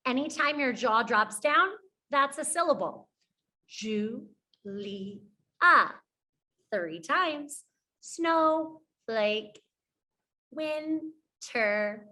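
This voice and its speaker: Young woman teacher for small children, high and bright, slow and encouraging. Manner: encouraging, slow and clear, praising often. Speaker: preschool teacher.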